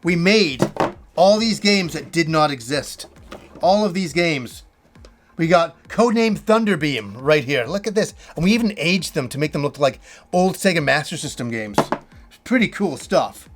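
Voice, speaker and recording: A man's voice: a little high, lively intonation, moderate pace. A middle-aged man hosting a gaming show, reminiscing in a casual, rambling way and acting out remembered conversations with enthusiasm. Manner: enthusiastic, rambling storyteller who acts out quotes. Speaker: host.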